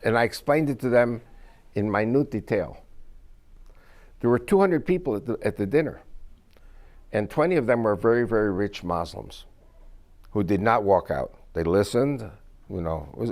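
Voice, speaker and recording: A man's voice: fairly low pitch, big pitch swings, moderate pace, long pauses, a little mellow. Emphatic man lecturing an audience. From United States. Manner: emphatic, quizzes the audience with questions. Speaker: speaker to an audience. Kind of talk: lecture-style storytelling.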